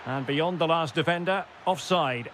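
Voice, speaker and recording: A man giving excitable play-by-play football commentary for a video game, calling player names in short clipped bursts and shouting at goals. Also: fairly high pitch, normal speed, slight background noise.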